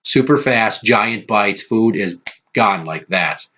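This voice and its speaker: Low husky forceful podcast host. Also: male voice, slow pace, lo-fi sound. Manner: profane, animated storyteller. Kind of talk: casual podcast storytelling.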